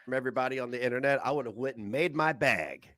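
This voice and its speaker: A man's voice: mid-range voice, fast talker, sharp tone. A man ranting in a crude, boastful way, often breaking into giggles. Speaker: streamer being reacted to.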